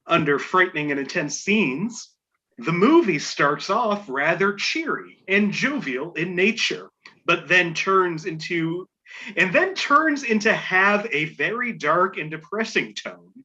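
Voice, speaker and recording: Man, game show host, casual podcast, lively pitch, bright tone, reads clues, playful asides. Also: slow, lo-fi sound.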